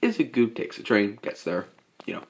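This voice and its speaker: A man's voice: lowish voice, very animated, moderate pace, gravelly. A young man improvising a fan-made story, rambling and restarting with lots of fillers. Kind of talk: improvised fan-fiction narration.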